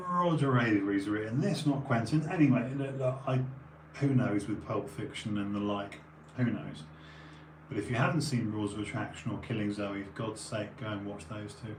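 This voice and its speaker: His voice sits on the low side and is a little mellow as he rambles on stream, sniffling, weary, and prone to tangents and restarts. The recording comes from an echoey room with faint noise behind him.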